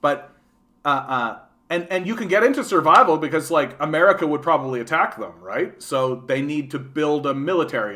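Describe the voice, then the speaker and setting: Speaking in a bright, forceful, mid-range voice, a Canadian-accented man hosts a casual livestream. He rambles, swears, and often adds "right?" to the end of his sentences.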